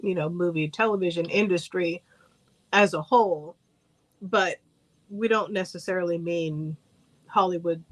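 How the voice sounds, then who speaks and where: A woman co-hosting a casual livestream chat, talking in a relaxed way and laughing easily. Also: on the low side, unhurried, pauses often, low-quality recording.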